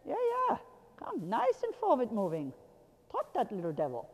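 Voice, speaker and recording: A woman's voice: mid-range voice, wildly swooping pitch, normal speed. A woman coaching a rider, calling out short repeated commands and laughing now and then. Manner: commanding, repetitive short calls, occasional laughs. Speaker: riding instructor. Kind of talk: coaching a rider from the arena floor. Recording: long hall reverb.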